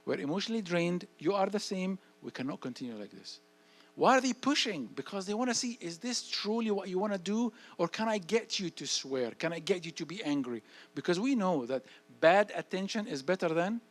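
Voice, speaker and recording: A man speaks to parents in a church hall as a guest speaker. His voice sits a touch higher than most men's. He talks with lively energy, acting out short exchanges and hammering phrases home through repetition. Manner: animated, acts out dialogue, repeats phrases. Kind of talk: parenting talk answering audience questions.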